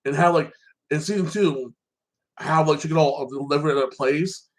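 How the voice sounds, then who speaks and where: A man's voice: fairly high pitch, normal speed, poor audio. A man giving a casual, rambling recap of a TV season, swearing freely and tagging phrases with "like that". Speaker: show reviewer.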